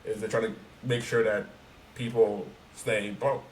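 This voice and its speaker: A young man talking casually on a podcast, ranting in an animated, profane and emphatic way. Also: fairly low pitch, unhurried. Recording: roomy, distant mic, faint noise.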